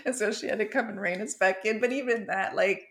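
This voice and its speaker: A woman hosting a casual conversation, an animated storyteller who laughs often. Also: mid-range voice, fairly quick. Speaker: podcast host.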